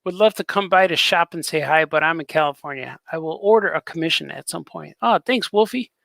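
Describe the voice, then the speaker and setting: A man's voice: fairly high pitch, brisk, gravelly, fairly bright tone, no echo. A man hosting a casual live stream as a cartoonist, rambling in an easygoing way and chatting with viewers.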